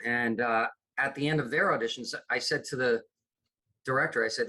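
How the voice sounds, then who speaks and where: A man's voice: medium pitch, fairly quick, sharp tone. A middle-aged man from upstate New York, a comedy producer chatting as a podcast guest, rambling with many restarts. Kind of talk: casual interview chat.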